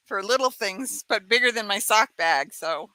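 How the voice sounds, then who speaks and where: A woman hosts a relaxed live chat from home, chatty and quick to laugh. Her voice is bright and crisp, with a dry, close sound and no room echo. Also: medium pitch. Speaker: host. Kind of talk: casual live-stream chat.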